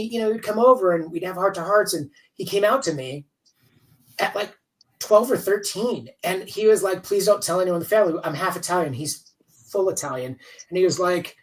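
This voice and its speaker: Over a video call, a man in his fifties who writes comics chats casually as an interview guest, rambling candidly and cursing freely. The recording is rough and distant, carrying his high voice.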